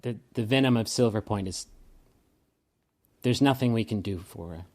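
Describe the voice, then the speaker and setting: A man voicing a weary, remorseful woman warrior near defeat. He uses his own low voice and speaks haltingly, with many restarts. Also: darkish tone, lightly acted. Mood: solemn. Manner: halting, regretful speech with restarts.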